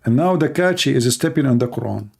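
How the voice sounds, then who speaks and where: A man's voice: medium pitch, animated, fast, creaky, slightly rough. A man hosting a show, giving mocking commentary on a video in sarcastic, broken English. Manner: sarcastic, repeats himself, broken English grammar. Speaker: host.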